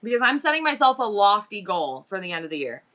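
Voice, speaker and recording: In a fast, medium-pitched voice, a live-streaming woman excitedly thinks through her numbers and goals, chatting casually with her viewers.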